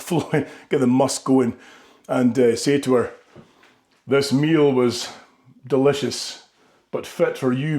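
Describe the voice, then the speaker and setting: A man riffs through a comic rant straight to the camera. He rambles from point to point and keeps tagging his lines with "right?". His voice sits at an ordinary middle pitch. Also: darkish tone. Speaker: comedy vlogger. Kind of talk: comedic monologue.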